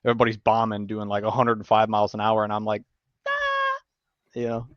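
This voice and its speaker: Animated, profane man telling a story. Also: on the low side, racing, smooth, no echo, lo-fi sound. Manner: animated storyteller, swears a lot, acts out quotes. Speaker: podcast host. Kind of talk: casual chat, storytelling.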